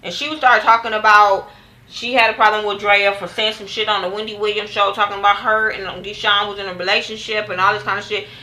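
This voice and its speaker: A young woman casually recapping a TV episode in a vlog, animated and profane, acting out what others said. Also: mid-range voice, fairly quick, low-quality recording. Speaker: TV show reviewer.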